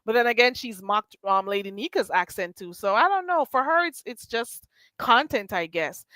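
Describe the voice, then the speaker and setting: A woman with a bright, forceful voice gives blunt, emphatic commentary, swearing freely as she makes her point. Her voice sits a little high, and the sound is dry and close. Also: lively intonation, normal speed, dry recording. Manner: blunt, emphatic, profane ranting. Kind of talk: casual commentary chat.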